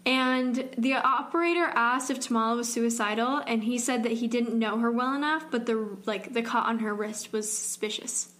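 A young woman with a slight Southern twang and a somewhat high voice co-hosts a casual true-crime chat. She talks loosely, peppering her sentences with "like" and trailing off into restarts. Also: steady tone, moderate pace, few pauses, fairly bright tone, slight background noise. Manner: chatty, heavy use of "like", trailing restarts. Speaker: podcast co-host.

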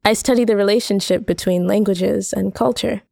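A woman reading a first-person short story aloud in a measured, wry way. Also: medium pitch, fairly even intonation, gravelly, a little mellow, no echo, clean studio sound. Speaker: reader.

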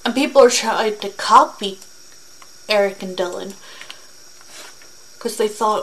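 A young woman talking earnestly in a casual vlog, reading facts aloud in a halting way with fillers and restarts. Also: on the high side, vocal fry, a little hiss or hum, low-quality recording.

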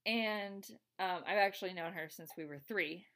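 A woman's voice: fairly low pitch, moderate pace. A young woman co-hosting a podcast, telling college stories in a casual, giggly way and laughing often. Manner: giggly, animated storyteller who laughs often. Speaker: podcast co-host. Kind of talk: casual storytelling chat.

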